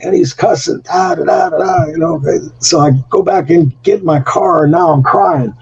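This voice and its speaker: Older man telling a lively story. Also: normal speed, breathy edge, highs cut off. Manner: acts out quotes with jumps in pitch, laughs often. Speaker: retired pro wrestler, guest. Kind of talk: animated storytelling interview.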